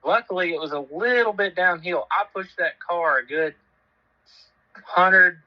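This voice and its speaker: A man's voice: high voice, a little slow, highs cut off. A man, telling a self-mocking story in casual chat and swearing freely. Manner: laid-back, laughs at himself, swears freely.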